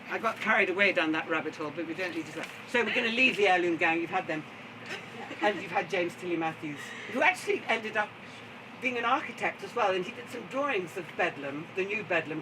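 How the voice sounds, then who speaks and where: A man's voice: sits high, animated, brisk. A man giving a chatty, theatrical live storytelling performance at an outdoor garden event, often breaking into laughter. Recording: distant, noisy outdoor recording.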